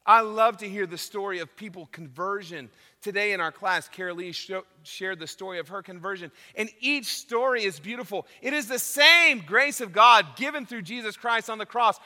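A man preaching a sermon as pastor, emphatic, dropping to a hush and then rising loud. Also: high voice, normal speed, few pauses, in a large hall.

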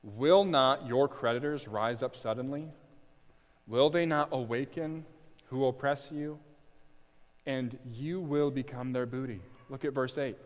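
A man preaches an expository sermon at a middling pitch, slowing to drive points home and rising loud on the cries he quotes. His voice rings with a long reverb, as in a church sanctuary. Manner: dynamic preaching, slows for emphasis, swells loud on quoted cries. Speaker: pastor.

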